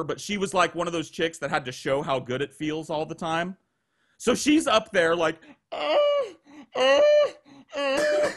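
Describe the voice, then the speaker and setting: Animated, profane male storyteller on a call. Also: fairly high pitch. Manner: profane, animated, acts out quoted voices. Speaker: guest storyteller. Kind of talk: casual storytelling on a podcast.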